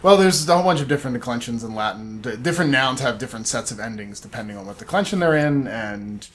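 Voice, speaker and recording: A man's voice: medium pitch, lively intonation, fast. A man co-hosting a podcast in casual chat, talking at length in a digressive, explaining way with many fillers and restarts. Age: adult, studied Latin up to eleventh grade. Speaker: podcast co-host.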